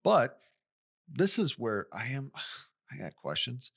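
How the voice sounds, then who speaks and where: A man's voice: medium pitch, big pitch swings, slow, gravelly, a bit bright, slightly rough. A man co-hosting a podcast, recounting a true-crime case in casual chat with asides and questions. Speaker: podcast co-host.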